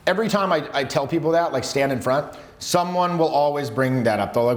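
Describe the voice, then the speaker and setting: Animated male coach in echoey room. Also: fairly high pitch, a little fast, hardly any pauses. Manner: animated, emphatic, swearing, many restarts. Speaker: social skills coach. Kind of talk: live workshop teaching. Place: seminar room with students.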